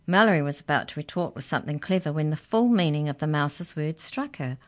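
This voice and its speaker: A woman narrating a children's story aloud in an expressive, gently dramatic way. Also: low-pitched, a little fast.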